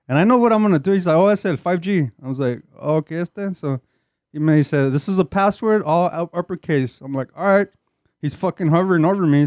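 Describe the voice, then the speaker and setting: A man's voice: fairly high pitch, darkish tone, dry recording, studio quality. Laid-back Chicano man telling a story. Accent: Chicano English. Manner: profane, laid-back storytelling, mixing English and Spanish slang. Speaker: podcast host. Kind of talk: casual storytelling chat.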